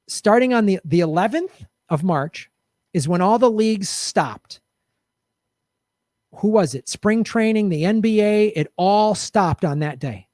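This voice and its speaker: A man's voice: fairly high pitch, darkish tone, dry recording. Impassioned, profane man ranting, dry sound. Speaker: podcast host. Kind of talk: political commentary rant.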